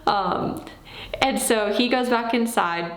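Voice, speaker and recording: A woman in her thirties telling a personal story in a casual, animated way, acting out what she said back then. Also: a little high, slow, echoey room. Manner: animated, acts out her own past lines. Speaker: vlogger.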